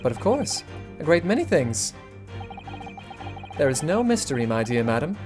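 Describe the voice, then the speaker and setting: A woman's voice: low voice, very animated, moderate pace, over music. A woman voicing a grandiose, theatrical male detective from a game, reading his lines aloud. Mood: pompous. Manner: grandiose, declaiming.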